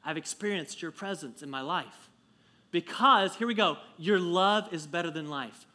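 Guy preaching a sermon, kinda high voice, goes quiet then gets real emphatic. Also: moderate pace. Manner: earnest, conversational, swings from hushed to emphatic. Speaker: pastor.

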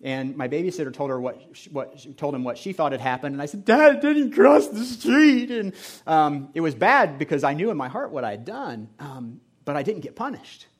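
Soft-spoken middle-aged male preacher. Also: mid-range voice, animated, fairly quick, few pauses. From Indianapolis, USA. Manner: conversational storytelling, often dropping to a soft, hushed tone. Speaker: pastor. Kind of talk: sermon with a personal story.

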